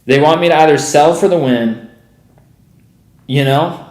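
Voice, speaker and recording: A young man with a fairly high voice rants through live trading commentary, swearing constantly and tacking "bro" onto every line. He sounds exasperated and profane, and his voice rings around an echoey room. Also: unhurried, darkish tone. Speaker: day trader streaming live.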